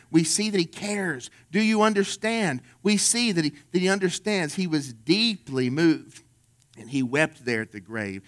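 Man preaching a conversational sermon. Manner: conversational storytelling preaching, drops low and soft for quoted lines. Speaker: pastor.

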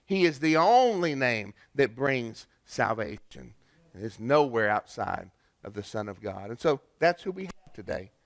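A man preaching with an earnest, halting delivery, pausing and restarting as he builds his points. His voice sits a little high for a man. The sound is dry and close, with no room echo. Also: fairly bright tone. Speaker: pastor. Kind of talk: sermon.

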